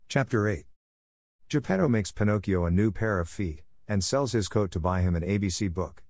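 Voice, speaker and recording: A man with a voice low for a man narrates a classic children's story like an audiobook, reading steadily and in a measured way. The recording is dry and close, with no room sound.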